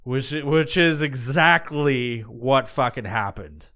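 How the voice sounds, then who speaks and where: Male podcast host, mid-pitched, foul-mouthed rambling comic storyteller. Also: takes it slowly, sharp tone. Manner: crude, profanity-laden, rambling.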